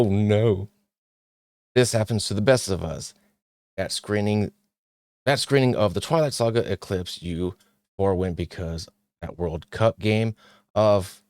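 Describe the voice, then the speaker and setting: Deep-voiced man with sarcastic asides. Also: a little mellow, no room sound, studio quality. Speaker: podcast host. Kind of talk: reading a list and reacting.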